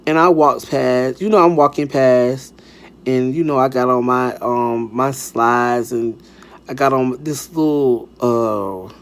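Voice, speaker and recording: A young man telling a casual storytime, sassy and dramatic, swearing freely and acting out the dialogue. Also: medium pitch.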